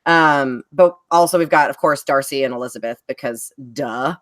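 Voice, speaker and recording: A woman's voice: extremely low pitch, normal speed. A woman speaking as a guest in a casual chat on a live stream, rambling along with lots of fillers as she shows her designs. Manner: chatty, rambling, many fillers.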